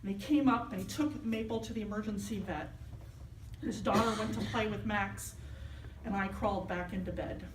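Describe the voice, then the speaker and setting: A woman's voice: medium pitch, moderate pace, slight background noise. A woman minister giving a sermon, telling a personal story and acting out the voices of the people in it. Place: church sanctuary. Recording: echoey hall, mic at a distance.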